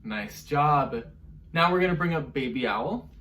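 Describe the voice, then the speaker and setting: Male children's music teacher, unhurried and animated, recorded a little off-mic. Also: on the high side, far from the mic, a little hiss or hum. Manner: encouraging, leads vocal warm-ups and owl sounds. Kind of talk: online music lesson for children.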